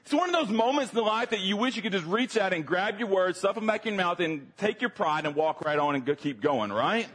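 A man with a Southern accent preaching a sermon, telling a funny personal story with lively acted-out moments. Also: high-pitched, brisk, hardly any pauses, husky. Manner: animated, humorous storyteller, acts out his younger self.

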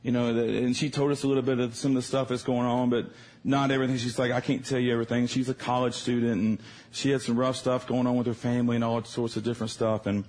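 A man preaching a sermon in a church service, telling a personal story in a conversational, animated way. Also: mid-range voice, fast.

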